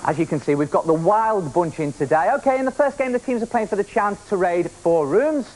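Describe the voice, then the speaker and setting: A man hosting a children's game show, playful and energetic, often shouting to the contestants. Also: high voice, fairly quick, background noise. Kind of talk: lively TV game show presenting.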